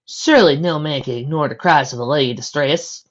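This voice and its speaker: A woman voicing a fussy, dramatic young woman with prim manners, in a high, shrill, theatrical voice. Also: brisk, muffled recording. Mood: confident.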